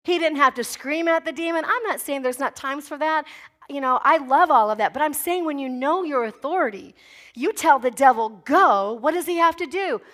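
High-voiced woman pastor preaching emphatically. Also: brisk, a bit bright. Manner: emphatic preaching, declaring commands with rising force. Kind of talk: sermon.

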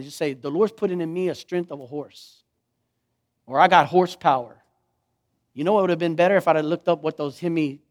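A middle-aged man, preaching a sermon, telling a story and swinging from hushed to fervent. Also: on the high side. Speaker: pastor.

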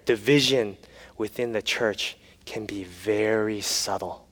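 A man's voice: fairly low pitch, takes it slowly, a bit bright, in a large hall. A man preaching a sermon, telling stories with humor and then turning earnest. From United States. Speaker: pastor.

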